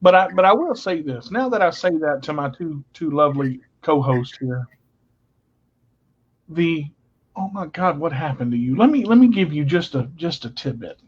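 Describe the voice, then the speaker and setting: A playful co-host spinning jokey stories in casual radio chat. The voice sits at an everyday middle pitch. The sound is dull and lo-fi. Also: expressive, moderate pace, husky. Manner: playful joking storyteller.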